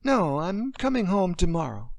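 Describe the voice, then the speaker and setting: A woman's voice: lowish voice, sing-song, moderate pace, darkish tone, no room sound, voice pushed up. A man voicing a hurt adult woman heroine who forces cheer over her anger, in a romance audiobook. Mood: guarded.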